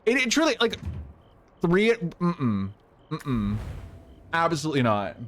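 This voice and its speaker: A man's voice: a little high, wildly swooping pitch, takes it slowly, a bit bright, a little hiss or hum. A man live-streaming a game, chatting casually and rambling as he thanks viewers. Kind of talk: casual live-stream chat while playing.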